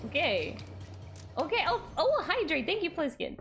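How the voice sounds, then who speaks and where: A young woman streaming a game, chatting casually and excitably with her chat, giggling often. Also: very high-pitched, normal speed, slight background noise.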